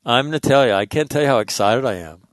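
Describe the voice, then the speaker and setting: A middle-aged man hosting, telling stories in a rambling, animated way with lots of restarts and casual swearing. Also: mid-range voice, quick pace, no echo. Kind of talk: casual storytelling monologue.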